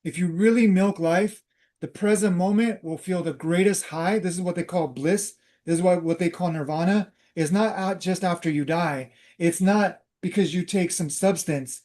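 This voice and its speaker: A man's voice: high-pitched, normal speed, a little mellow. A man hosting a talk, casually telling a personal story and drifting into spiritual teaching, with many fillers and restarts. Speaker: host.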